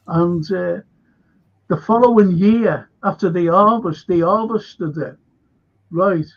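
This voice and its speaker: Speaking slowly in a high-sitting voice, a Liverpool-accented local historian spins wandering history anecdotes during a livestream chat. He acts out the voices of the people he describes, and the recording's highs are cut off.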